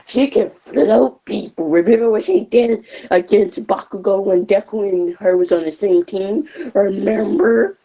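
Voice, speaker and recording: A woman's voice: mid-range voice, unhurried, hardly any pauses, dark tone, low-quality recording. A young woman casually improvising a fan story, rambling with many fillers.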